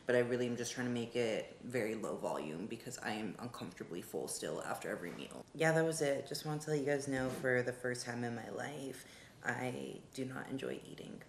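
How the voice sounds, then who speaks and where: A woman's voice: very deep voice, animated, a little fast, a little hiss or hum. A young woman chatting candidly in a casual vlog, swearing freely as she talks. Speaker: vlogger, pro bodybuilder.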